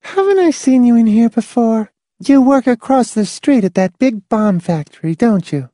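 A man doing a brash, high-voiced bar girl. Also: expressive, moderate pace, mellow, dry recording, clean studio sound, natural voice. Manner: bold, demanding, penetrating soprano.

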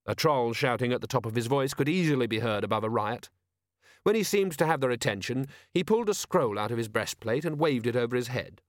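A man narrating an audiobook in a measured, wry delivery. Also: mid-range voice, lively intonation, no echo, studio quality. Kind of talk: scripted narration.

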